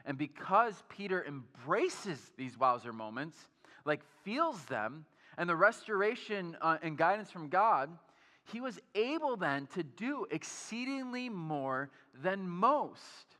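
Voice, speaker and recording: A man's voice: sits high, big pitch swings, takes it slowly, pushed and bright, in a large hall. A man in his thirties preaching a sermon, telling personal stories in a casual way full of fillers. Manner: casual, storytelling, many fillers like "like". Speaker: pastor. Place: church sanctuary.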